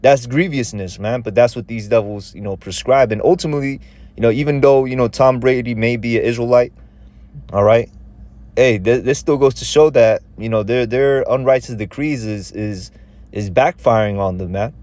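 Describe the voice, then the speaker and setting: A man's voice: medium pitch, normal speed, a little mellow. A man giving a casual, conversational scripture lesson in a loose, repetitive way of talking. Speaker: religious teacher.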